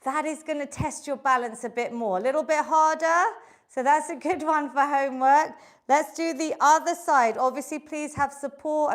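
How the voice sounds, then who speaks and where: A woman's voice: high-pitched, a bit bright. A middle-aged woman leading a live online exercise class, encouraging and chatty as she coaches and counts reps. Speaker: fitness instructor.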